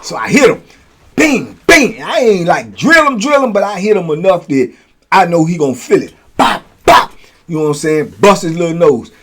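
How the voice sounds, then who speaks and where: A man telling stories from prison in a casual, animated way, acting out blows with sound words. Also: high voice, fairly quick, husky. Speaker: storyteller, host.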